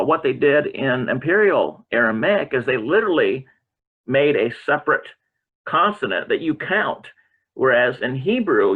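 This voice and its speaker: A man giving an informal lecture, reading from a textbook and adding halting comments with many fillers and self-corrections. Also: mid-range voice, slightly rough. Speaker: Bible language teacher. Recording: tinny phone-like audio.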